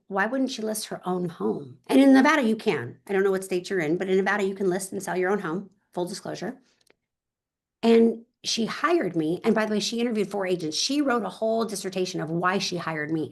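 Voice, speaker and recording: A woman real estate agent talking in an interview, telling stories with energy and emphasis and speaking straight to her listeners. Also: mid-range voice.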